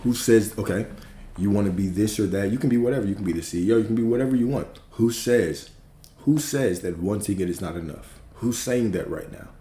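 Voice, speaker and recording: A man's voice: fairly low pitch, fairly quick, dark tone, echoey room, slight background noise. A man teaching on a livestream in an emphatic, preacherly manner, repeating key phrases and swearing casually. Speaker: spiritual teacher.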